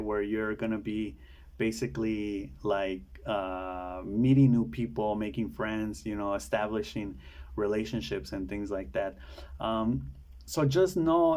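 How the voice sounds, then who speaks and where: A man's voice: mid-range voice, darkish tone. A man talking casually to camera in a rambling monologue, with many fillers and repeated words. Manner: mimics people from a film in quick put-on voices. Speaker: video essayist.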